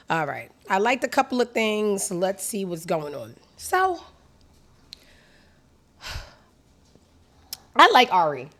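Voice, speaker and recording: A woman hosting her own show in a crude, sassy comedic monologue that swings from low mutters to loud outbursts. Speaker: show host.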